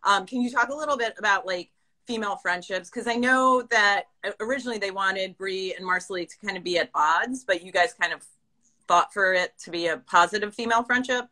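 Bright-voiced woman host. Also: mid-range voice, brisk. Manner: encouraging, upbeat interviewer. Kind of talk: casual live-stream interview. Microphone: phone or webcam on a video call.

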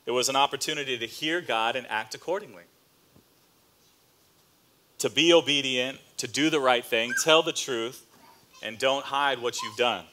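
A male pastor preaches in a casual storytelling way, loose and chatty with slang asides. His voice sits at a middle pitch with a bright, forceful edge. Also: normal speed, long pauses, a little hiss or hum. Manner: conversational, with fillers and slang asides. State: choked up near the end.

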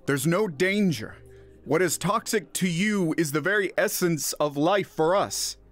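A man doing a forceful, determined diplomat. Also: a little high, measured pace, faint music behind, voice pushed up. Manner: projecting, forceful. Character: determined male human diplomat under pressure.

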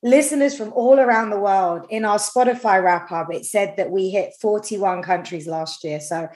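A woman's voice: mid-range voice, moderate pace, darkish tone. A woman hosting a podcast, bubbly and effusive, chatting casually with a guest and gushing with gratitude. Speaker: podcast host. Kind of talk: casual interview chat.

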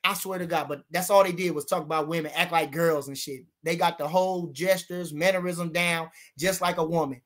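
A man's voice: a little high, steady tone, fairly quick, hardly any pauses, fairly bright tone. A man hosting a casual livestream about boxing. He reads viewer comments aloud and answers them in brash, boastful street slang, repeating lines for emphasis.

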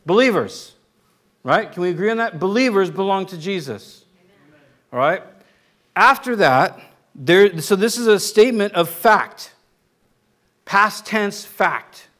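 A man with a notably high voice delivers a conversational sermon. He teaches informally and keeps checking in with the congregation as he explains. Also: expressive, measured pace, pauses often, fairly bright tone. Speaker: pastor.

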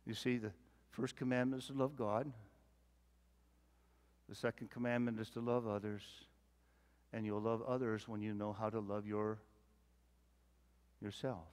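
A male pastor preaching a sermon in a church sanctuary. His delivery is folksy, rising to loud emphasis and dropping to quiet asides. He often repeats words and restarts while he thinks. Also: fairly low pitch, little pitch movement, measured pace, pauses often, smooth.

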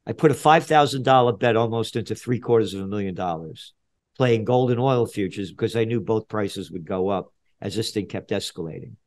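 A man in his seventies from the Bronx with a New York accent, a guest in a podcast interview, talking bluntly and profanely, dropping low then getting loud. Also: fairly quick. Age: 70s. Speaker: guest, trend forecaster.

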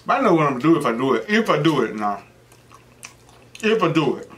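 A man's voice: on the high side, very animated, quick pace, a bit bright. A middle-aged man hosting an eating show, chatting casually between bites and wandering off into joking stories. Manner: rambling, joking storyteller. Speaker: mukbang host. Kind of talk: casual chat while eating.

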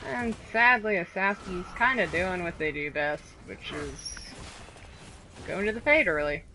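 A woman's voice: on the low side, unhurried, sharp tone, a little hiss or hum. A woman streamer commenting live on her gameplay, exclaiming and laughing at the action, with sarcastic remarks. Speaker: streamer playing a video game.

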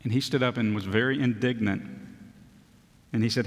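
Male pastor, mid-pitched, casual sermon delivery with dry humor, church hall reverb. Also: moderate pace, creaky. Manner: conversational preaching with self-deprecating humor. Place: church sanctuary.

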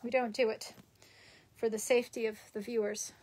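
High-voiced chatty New York woman. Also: little pitch movement, moderate pace, darkish tone, husky. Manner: rambling and chatty, with many fillers and laughs. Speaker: livestreamer. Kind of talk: casual livestream chat reading comments.

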